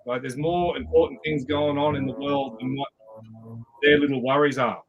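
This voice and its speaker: A man's voice: mid-range voice, steady tone, normal speed, dull audio, music in the background. A man on a livestream who talks emphatically, agreeing with others and repeating his points. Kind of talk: casual livestream chat.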